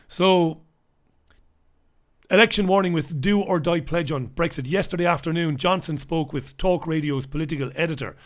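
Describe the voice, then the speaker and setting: Sardonic man muttering wry asides. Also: fairly high pitch. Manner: sardonic, talks back to himself; swings between loud emphasis and muttered asides. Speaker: host reviewing newspapers. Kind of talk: live newspaper review talk.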